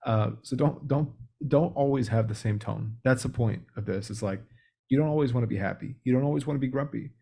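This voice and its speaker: A man, a guest on a podcast, explaining sales techniques in a relaxed, practical coaching way. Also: mid-range voice, fairly quick, vocal fry, husky. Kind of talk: casual explanatory interview talk.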